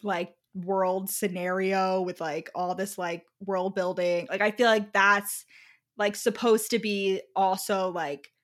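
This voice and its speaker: A woman's voice: mid-range voice, little pitch movement, takes it slowly. Easygoing young woman podcast co-host. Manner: laughing, filler-heavy, easygoing. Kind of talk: casual chat discussing a romance book.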